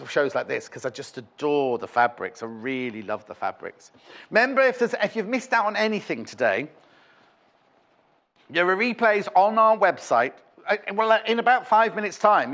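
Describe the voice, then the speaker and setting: A man's voice: a little high, a bit bright. A man presenting fabric on a live shopping channel, chatting in a rambling, playful way between prices. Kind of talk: live TV sales chat. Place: TV studio.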